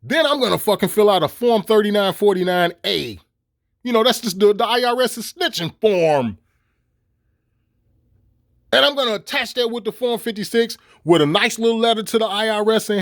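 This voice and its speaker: Middle-aged man with a high, dry voice; cussing, stop-start vlog rant. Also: normal speed, dry recording. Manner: animated and swearing, with laughs and repeated stammered restarts. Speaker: vlogger. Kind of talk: profane ranting monologue.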